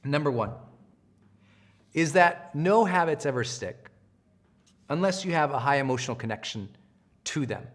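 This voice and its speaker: A middle-aged man giving a live coaching session, energetic and animated, often acting out the voices of people he quotes. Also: fairly high pitch, normal speed, pauses often. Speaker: self-help trainer.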